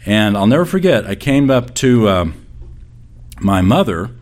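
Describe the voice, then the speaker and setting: Low-voiced man telling a sermon story. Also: big pitch swings, unhurried, darkish tone. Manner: conversational, rambling, with many restarts and fillers. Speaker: preacher.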